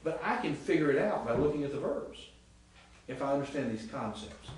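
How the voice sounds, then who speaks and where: A man's voice: medium pitch, sing-song, fairly quick, darkish tone. A male Greek professor giving a chatty classroom lecture, quizzing his students and sounding out words. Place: seminary classroom. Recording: echoey classroom, mic far off, faint hiss.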